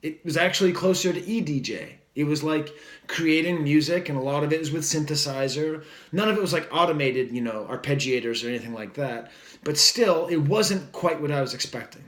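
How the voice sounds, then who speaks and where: A man talks through an album review in a loose, enthusiastic ramble, full of "like" and "you know," with jokey asides along the way. His voice sits a little high for a man. The room around him is roomy and echoey. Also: brisk, fairly bright tone. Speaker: music reviewer. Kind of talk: casual record review monologue.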